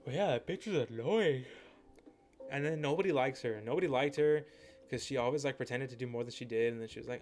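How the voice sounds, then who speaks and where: This fast-talking gaming streamer has a medium-pitched voice with a darkish tone. The young man wanders through profane, casual game commentary packed with "like" fillers, over background music.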